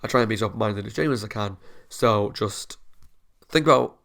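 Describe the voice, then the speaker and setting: A man's voice: fairly low pitch, fast talker, vocal fry, a bit bright. A young man, hosting a reaction video in earnest, rambling casual chat and laughing often.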